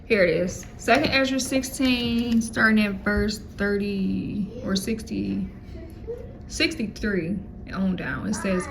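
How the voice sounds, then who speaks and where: Gravelly woman reading scripture. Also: medium pitch, fairly even intonation, slow, a little hiss or hum, low-quality recording. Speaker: class member reading scripture.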